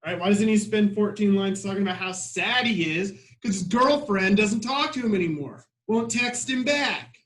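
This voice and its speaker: A man teaching a literature class in a classroom, lively and full of rhetorical questions, often asking "right?". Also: high-pitched, moderate pace, hardly any pauses, rough recording. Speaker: high school literature teacher.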